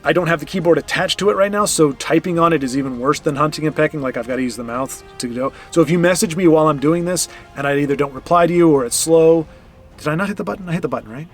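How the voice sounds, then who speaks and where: A rambling, chatty man narrates his card game in casual stream commentary, his voice sitting a bit high. He scolds his opponent with playful mock outrage. Faint game music plays underneath. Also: fast talker.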